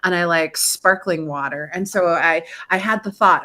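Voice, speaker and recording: A woman hosting a podcast, chatting casually over a video call in an animated, gushing way, with the odd swear word. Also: fairly low pitch, moderate pace. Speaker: podcast host. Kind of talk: casual chat.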